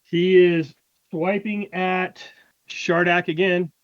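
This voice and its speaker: A man running a tabletop game as game master, calling results in a brisk, matter-of-fact way. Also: high-pitched, level tone, dry recording, dull audio.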